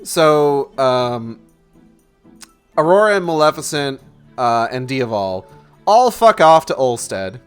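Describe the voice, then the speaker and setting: A man's voice: medium pitch, big pitch swings, slow pace, long pauses, clean tone, soft background music. A man casually recapping a movie plot as a streamer, in a rambling way full of swearing and fillers.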